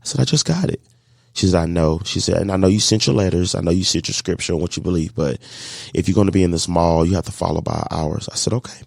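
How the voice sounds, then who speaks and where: A man with a deep, gravelly voice tells his story with animated energy, slipping into the voices of the people he met along the way. The sound is dry and close, with no room around it. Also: fast, no room sound. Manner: animated storyteller acting out dialogue, faith-filled. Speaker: guest, catering business owner. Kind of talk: storytelling in a podcast interview.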